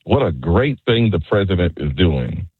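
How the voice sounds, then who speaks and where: A male caller on a radio show giving his opinions in a halting way, repeating words as he goes, over a phone line. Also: sits low, sing-song, a little hiss or hum.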